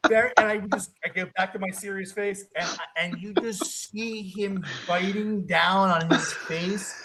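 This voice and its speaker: Animated, laughing male wrestling guest. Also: sits high, unhurried, a crowd in the background, rough recording. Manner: animated, laughs often mid-story. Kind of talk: casual storytelling chat.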